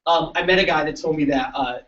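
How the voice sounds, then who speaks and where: A man's voice: on the high side, fast, a bit bright, distant mic, lo-fi sound. A man giving a joking, story-filled motivational talk to students at a large event. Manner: joking, tells stories, laughs often. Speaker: keynote speaker.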